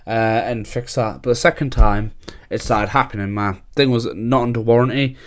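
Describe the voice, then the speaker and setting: A man's voice: medium pitch, steady tone, normal speed. A young man, talking casually and at length as a podcast host, swearing freely and laughing often.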